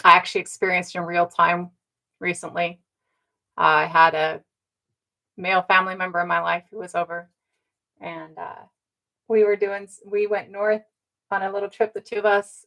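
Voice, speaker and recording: A woman's voice: on the low side, gravelly, bright, forceful tone, rough recording. A woman talking straight to her viewers in a casual monologue, earnest, with many ums and rhetorical "right?" tags. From Indigenous North America. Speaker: commentator. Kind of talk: casual direct-to-camera monologue.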